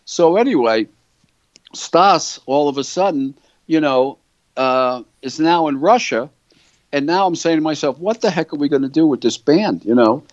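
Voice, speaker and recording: An older man, founder of a guitar company, is the guest in an interview and tells a long, rambling story, often checking in with "right?" and "you know". His voice is on the high side and darkish, with lively intonation and normal speed. The recording is dry, dull and lo-fi.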